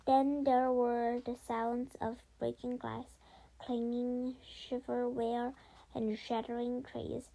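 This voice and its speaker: A woman reads a children's chapter book aloud at a slow, careful pace. Her voice is mellow and sits a little high, and she stumbles over words and goes back to fix them. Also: little pitch movement, vocal fry, rough recording. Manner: halting reading with frequent slips and self-corrections. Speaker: storybook reader.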